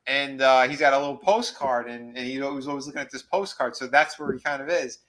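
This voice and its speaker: A man's voice: medium pitch, fairly even intonation, a little fast, a bit bright, low-quality recording. A man hosting a podcast, casually retelling a story in a rambling way and acting out the characters' lines. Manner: rambling, acts out quoted lines. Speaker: podcast host. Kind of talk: casual recap chat.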